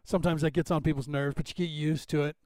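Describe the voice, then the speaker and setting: A man in his fifties with a West Coast General American accent hosts a podcast livestream, rambling and chatting casually as he thinks aloud while fixing the screen. His voice sits fairly high, with a steady, darkish tone and a quick pace. The recording has no echo.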